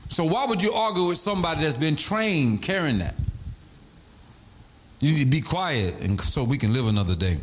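A man preaching a sermon, animated, breaking into shouts and sing-song emphasis. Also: fairly high pitch, normal speed, a little hiss or hum.

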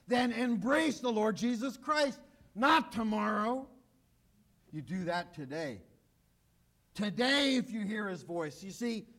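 High-pitched guy preaching, pushy and urgent, keeps hammering the same point. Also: fairly bright tone. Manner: urgent, emphatic preaching with repeated calls. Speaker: pastor. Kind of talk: sermon. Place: church, broadcast on radio and online.

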